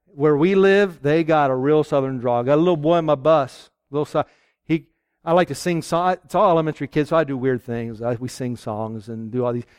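Male preacher from Pennsylvania, folksy and lively, engages the congregation with questions; high voice. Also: a little fast, clear, resonant tone, dry recording, clean studio sound. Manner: folksy, animated, asks the audience questions. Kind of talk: sermon.

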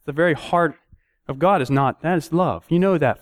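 A man preaching a sermon, telling stories and acting out prayers and dialogue with sudden rises in pitch. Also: normal speed, no echo, clean studio sound.

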